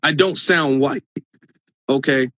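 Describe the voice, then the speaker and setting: A man's voice: mid-range voice, takes it slowly, fairly bright tone. A man with a Midwestern US accent hosting a casual livestream on a phone, emphatic and repeating his points for stress. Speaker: livestream host.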